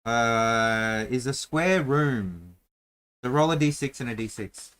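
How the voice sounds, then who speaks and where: A man's voice: medium pitch, expressive, takes it slowly, a bit bright, smooth. A man hosting a casual chat, rambling with many fillers and restarts while he draws a map and rolls dice. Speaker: host drawing a dungeon map.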